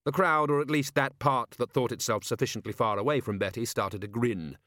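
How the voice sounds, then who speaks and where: A man narrating an audiobook in a steady storytelling manner. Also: medium pitch, brisk, dry recording, studio quality. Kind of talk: audiobook reading.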